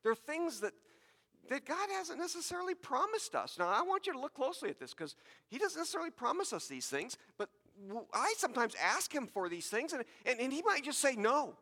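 A man's voice: extremely high pitch, very animated, fairly quick, bright, forceful tone, in a large hall. A man preaching a sermon to his congregation, talking conversationally with repeated words and asides. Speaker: pastor.

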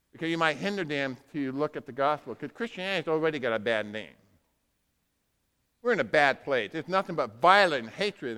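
A male pastor preaching a sermon, moving between quiet asides and loud, emphatic bursts. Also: fairly high pitch, smooth. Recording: long hall reverb.

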